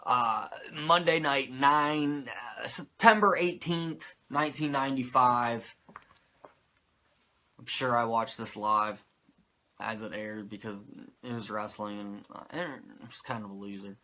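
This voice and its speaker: His voice sits mid-range, measured in pace and sharp in tone, as he hosts a relaxed wrestling recap podcast. The man curses a lot, fills gaps with "like," and goes off on rants of disbelief.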